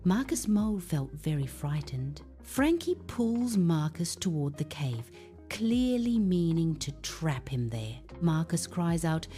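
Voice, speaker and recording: A woman's voice: on the low side, slow. A woman narrating a children's Bible story, reading aloud expressively. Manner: expressive, animated read-aloud. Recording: faint background music.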